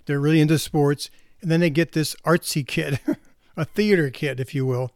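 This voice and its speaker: A man's voice: on the high side, fairly even intonation, normal speed, dry recording. Earnest man counselor with dry sound. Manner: earnest, often repeats words and says "if you will". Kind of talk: reflective spoken talk.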